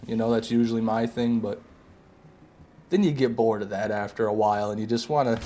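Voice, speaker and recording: A man's voice: on the low side, fairly even intonation, a little fast, dark tone. A man streaming a game live, chatting casually with viewers and answering their comments, sometimes with sarcastic jabs.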